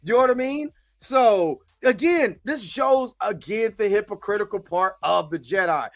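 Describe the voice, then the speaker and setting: Slangy high-voiced man recapping a show. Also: lively intonation. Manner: slangy, keeps repeating "you know what I'm saying"; acts out the characters' lines in quick bits. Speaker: show host. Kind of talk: casual episode recap commentary.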